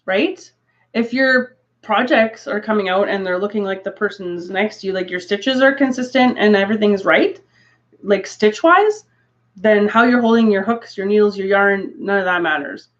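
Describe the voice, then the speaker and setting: Speaking at normal speed with a medium-pitched voice, this Canadian woman casually chats to viewers during a craft livestream. She rambles through asides and laughs often, and the stream audio is dull and lo-fi.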